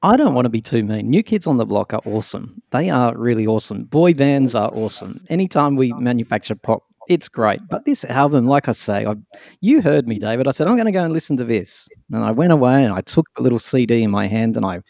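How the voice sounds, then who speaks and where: A man's voice: mid-range voice, lively intonation, a little fast, vocal fry, darkish tone, no echo. A man hosting a casual podcast chat, teasing his co-hosts in a playful, mock-scolding way. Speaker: podcast host.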